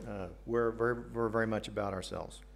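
A man's voice: fairly low pitch, fairly even intonation, brisk, creaky, faint music behind. An American man preaches a sermon in an earnest tone. He puts questions to the congregation and drops in light jokes between his points. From United States. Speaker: pastor.

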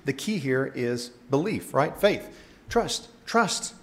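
A man preaching a sermon as pastor, in an animated, conversational way, often asking his listeners questions. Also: medium pitch, takes it slowly.

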